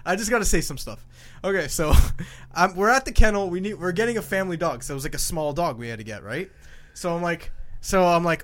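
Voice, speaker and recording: A young man co-hosting a podcast, telling crude stories in a loud, animated way and laughing along. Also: high voice, fast. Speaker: podcast co-host. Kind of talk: casual chat.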